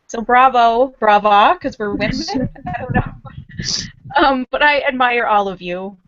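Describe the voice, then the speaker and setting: A woman's voice: mid-range voice, a bit bright, no room sound, highs cut off. A woman on a panel call praising the others, with lots of ums and likes. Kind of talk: casual panel talk.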